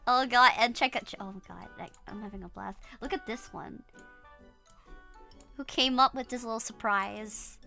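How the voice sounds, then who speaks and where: A woman streamer chatting casually and loudly, laughing often, swearing freely and apologizing over and over. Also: a little high, a little slow, creaky, soft background music. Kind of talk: casual livestream chat.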